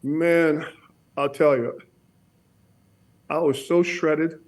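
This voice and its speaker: Higher-voiced man telling a story haltingly. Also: steady tone. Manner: halting, repeats words, swears. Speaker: guest bodybuilder. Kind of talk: casual podcast storytelling.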